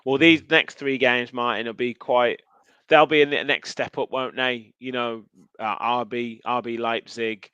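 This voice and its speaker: A man's voice: mid-range voice, steady tone, measured pace, bright, forceful tone, smooth, no room sound, lo-fi sound. A man hosting a casual football podcast, chatty and steering the talk. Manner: chatty, runs the show and signs off. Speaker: podcast host.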